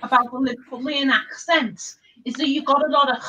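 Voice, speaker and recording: A woman chatting on a live stream, rapid and excitable, often talking over the others on her computer mic. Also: high voice, slight background noise, rough recording. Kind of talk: casual live-stream chat.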